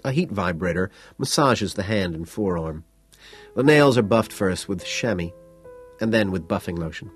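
A man's voice: sits low, expressive, normal speed, soft background music. A man reading an audiobook in first person, in a cool, detached, matter-of-fact way. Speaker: audiobook narrator.

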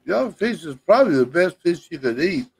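A blunt, offhand male caller with a higher, animated voice that jumps around in pitch. The sound is dry and close. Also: brisk, slightly rough, no room sound. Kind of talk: casual chat.

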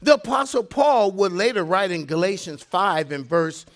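Here the preacher's voice is high-pitched and his speed normal. Animated throughout the sermon, he goes quiet for emphasis and breaks into laughing asides as he tells stories.

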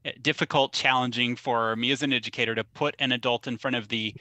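A man's voice: mid-range voice, steady tone, fast, pushed and bright, no echo. A man who works as an educator, chiming in on a webinar and searching for the right words. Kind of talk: casual webinar discussion.

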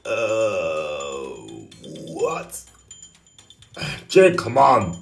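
A man's voice: on the high side, lively intonation, measured pace, gravelly, fairly bright tone, reverberant, soft background music. A man voicing a cartoon, talking in a whiny, exasperated way. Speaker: cartoon narrator and voice actor. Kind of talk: cartoon acting.

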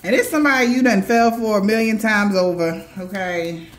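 A woman's voice: mid-range voice, normal speed, soft background music. A woman intuitive reader telling a dream story in a casual, profane way, with laughing asides. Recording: roomy echo.

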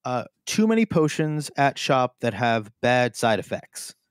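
A man's voice: mid-range voice, big pitch swings, measured pace, clean tone, no room sound, clean studio sound. A man co-hosting a live improvised comedy stream, hesitant and full of fillers and restarts, talking into a desk mic. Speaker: co-host.

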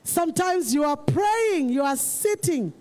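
A pastor preaching a sermon, emphatic and repetitive, rising to shouts. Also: high-pitched, expressive, measured pace.

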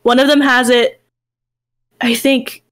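Female podcast co-host, high voice, enthusiastic casual chat. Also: level tone, slow, fairly bright tone. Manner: chatty and enthusiastic, laughs easily. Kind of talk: casual chat about game lore.

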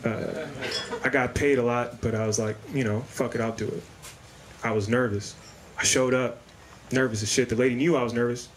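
A man in his thirties doing a brash, profane stand-up set on a comedy club stage, slipping into quick character voices. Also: medium pitch, steady tone. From Maryland, US. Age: 30s. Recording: live club recording with audience noise. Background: audience laughter.

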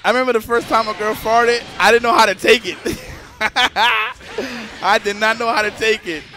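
A man's voice: high-pitched, fairly even intonation, moderate pace, pushed and bright, a little hiss or hum. A man casually commentating a live stream, joking crudely and talking straight to the chat.

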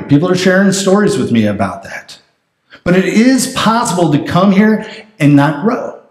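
A man's voice: high voice, a little mellow. A man preaching a conversational sermon as pastor, often checking in with the congregation. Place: church sanctuary. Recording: roomy church sanctuary.

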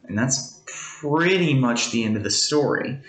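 A man's voice: medium pitch, animated, measured pace. A man giving a devotional as a pastor, speaking in an earnest, conversational way and explaining with everyday examples. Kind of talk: devotional teaching. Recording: roomy echo.

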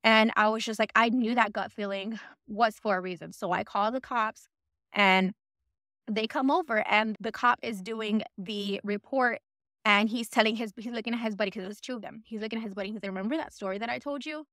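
A woman's voice: mid-range voice, steady tone, a little fast, a bit bright, dry recording, clean studio sound. A woman telling her own ghost story in a chatty, casual way, acting out what people said. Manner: chatty, lots of "I'm like" quoting.

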